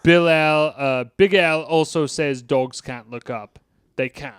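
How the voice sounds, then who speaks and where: A man's voice: fairly high pitch, takes it slowly, smooth, dry recording, studio quality. A man co-hosting a casual movie review podcast, quoting lines in mock British voices and swearing casually. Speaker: podcast co-host.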